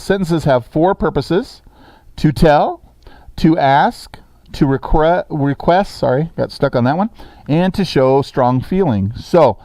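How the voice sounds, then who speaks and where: A man's voice: a little high, a little mellow, dry recording. A man teaching a sixth grade grammar lesson in a classroom, talking casually and checking in with the students often.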